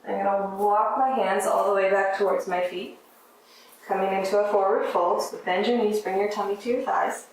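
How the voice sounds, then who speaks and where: A woman teaching a yoga class, giving gentle, encouraging step-by-step cues for breath and movement. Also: medium pitch, steady tone, moderate pace. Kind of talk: guided yoga class instruction. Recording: very echoey room, mic at a distance.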